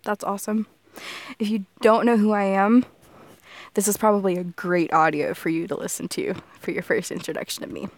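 A woman's voice: medium pitch, steady tone, a little fast, no room sound. A woman from Texas with a Southern accent, chatting casually and goofily in a solo audio, laughing often and swearing casually. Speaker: audio creator.

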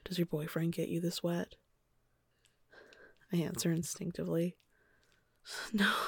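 A young woman narrating an intimate first-person story in a soft, hushed voice that often slips into a whisper, then chatting casually with many fillers. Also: fairly low pitch, gravelly, husky, dry recording, studio quality. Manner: chatty and halting with fillers when speaking off-script.

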